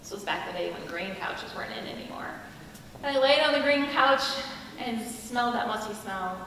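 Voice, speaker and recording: A woman's voice: medium pitch, animated, fairly bright tone, a little hiss or hum. Middle-aged woman chapel speaker, earnest confiding testimony, recorded from a distance in a reverberant hall. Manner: earnest, confiding, pauses and restarts. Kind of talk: personal testimony talk. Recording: echoey hall from a distant mic.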